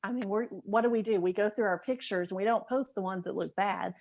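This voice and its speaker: A woman's voice: mid-range voice, a little fast, a little mellow. A woman on a panel discussion, speaking candidly and reflectively.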